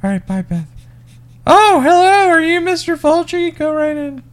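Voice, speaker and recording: A podcast host puts on a chatty female receptionist, pitched up and gushing down the phone. She rattles on in breathless gossip, lively and bouncy in tone. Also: normal speed, a little hiss or hum. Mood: excited gossip.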